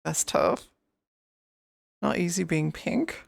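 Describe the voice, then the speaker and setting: A woman's voice: lowish voice, animated, slow pace, creaky, dry recording, studio quality. A woman streamer chatting casually and rambling, often breaking into giggles. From outside the US. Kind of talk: casual livestream chat.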